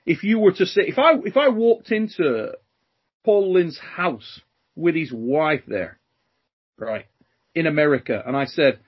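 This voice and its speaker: A high-pitched, bouncy man hosts a podcast with a husky edge to his voice. He jokes and banters in quick slang over a slightly muffled remote call. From Britain. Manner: lively, joking, slangy. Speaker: podcast host.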